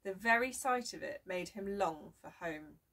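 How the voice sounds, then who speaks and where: A woman reading a children's storybook chapter aloud in a steady, measured way, recorded from a distance. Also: medium pitch. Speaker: reader.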